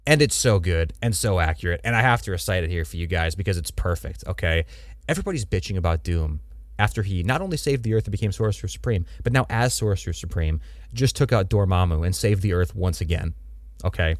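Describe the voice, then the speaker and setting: Young man, lowish voice, casual slang. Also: fast talker, no echo, clean studio sound. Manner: animated, slangy, playful reading of quotes. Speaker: podcast co-host. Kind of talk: casual comic book discussion.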